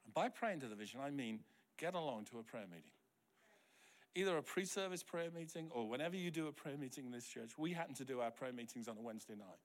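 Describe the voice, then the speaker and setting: A middle-aged man from New Zealand preaching a sermon as pastor, telling stories and acting out the quoted dialogue, sometimes dropping to a soft, quiet voice. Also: medium pitch, animated, quick pace. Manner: drops to a soft, quiet voice for tender moments.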